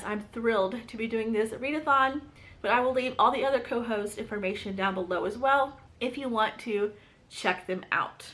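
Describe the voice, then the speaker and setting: A woman's voice: a little high, fairly bright tone. A woman with a light Southern US accent chatting to camera about books in a bubbly, chatty way. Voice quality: bubbly, chatty, lots of "like" and "you guys". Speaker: book channel host. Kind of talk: casual chat to camera.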